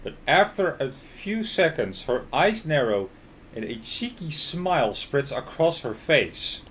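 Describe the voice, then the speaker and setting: While streaming a visual novel, a man narrates its story aloud and reacts with laughter and panicky outbursts. His fairly high, fairly bright voice has a sing-song quality, and he takes his time.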